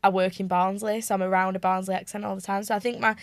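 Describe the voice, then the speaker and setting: A woman with a northern English accent chats as a podcast guest, rambling a little as she works her thoughts out. Her voice sits mid-pitch and sounds dry and close. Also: level tone, fast talker, no room sound. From South Yorkshire, England. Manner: chatty, rambling, unsure phrasing. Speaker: guest, business founder. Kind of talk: casual chat.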